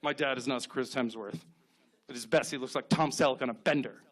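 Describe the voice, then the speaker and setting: A man in his thirties doing stand-up on a club stage, telling deadpan stories and acting out short quotes. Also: mid-range voice. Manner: deadpan storytelling with quick acted-out quotes. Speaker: stand-up comedian. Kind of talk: stand-up set.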